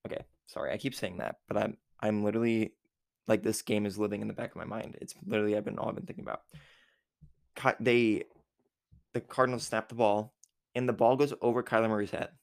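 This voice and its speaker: A man's voice: on the low side, brisk, vocal fry. A man casually recapping a football game from memory, rambling with many fillers and self-corrections. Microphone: recording app with a time limit.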